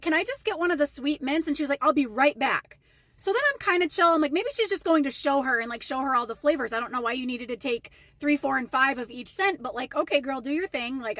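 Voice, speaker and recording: A woman's voice: high voice, fairly bright tone, no echo. A young woman telling a casual storytime rant to her followers, chatty and indignant. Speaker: storytime vlogger.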